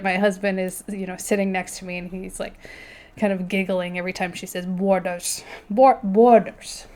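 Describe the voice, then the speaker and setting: A woman hosting her knitting video at home, chatting casually and laughing often as she shows her work. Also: mid-range voice. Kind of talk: casual chat. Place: indoors at home.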